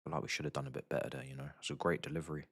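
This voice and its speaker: A young man, giving excitable and slangy live commentary as he watches a football match with his stream. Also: rumbling low, rapid-fire. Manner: excitable, slangy, shouting at goals. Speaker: fan streamer.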